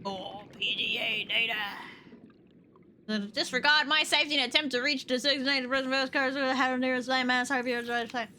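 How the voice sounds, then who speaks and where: A young woman streaming a game, chatting to herself and yelling and swearing at the creatures on screen. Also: high-pitched, brisk, slight background noise. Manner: expressive, swears and yells at the game. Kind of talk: casual gameplay commentary.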